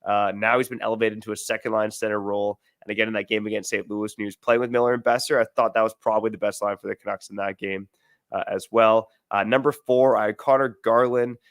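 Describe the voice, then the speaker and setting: A young Canadian man co-hosting a sports podcast, going through his picks in a steady, list-like way with frequent "uh"s. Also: fairly low pitch, fast, dry recording, clean studio sound. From Surrey, Canada. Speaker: podcast co-host. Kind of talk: sports podcast rundown and ad read.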